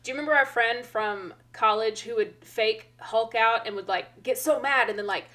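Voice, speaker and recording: A woman's voice: a little high, normal speed. A woman, a teacher co-hosting a podcast, chatting casually and acting out children's voices as she tells stories. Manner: animated storyteller, acts out kids' voices. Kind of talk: casual chat.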